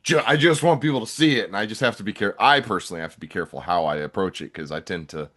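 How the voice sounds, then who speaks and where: A man's voice: fairly low pitch, animated, racing, fairly bright tone. A man hosting a podcast, talking in a casual, rambling way with many restarts. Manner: rambling, frequent restarts and fillers. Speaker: podcast host.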